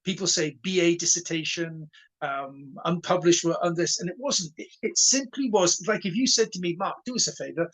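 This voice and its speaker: This guest is a karate instructor from Wales, in his sixties, with a husky voice that sits high and a moderate pace. In a relaxed storytelling interview he animatedly acts out dialogue, stuttering over repeated words, on a rough recording.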